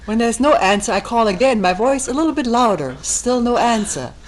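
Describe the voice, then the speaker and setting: A woman meditation teacher giving a calm, thoughtful talk, reading a text aloud and commenting on it. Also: fairly quick, a little hiss or hum, poor audio. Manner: calm and thoughtful, acting out quoted voices with raised pitch. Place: retreat meeting room.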